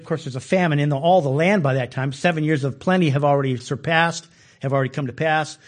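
Folksy, animated man teaching scripture. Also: a little high. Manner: folksy, animated, acts out quotes in a raised voice. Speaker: Bible teacher. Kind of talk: casual Bible study teaching.

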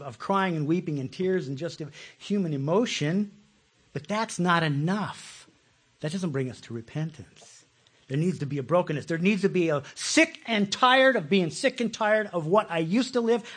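A man preaching a sermon with a slightly raised, husky voice. He is passionate, climbing to loud pleas and then dropping to hushed, tender asides. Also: a little high. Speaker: pastor.

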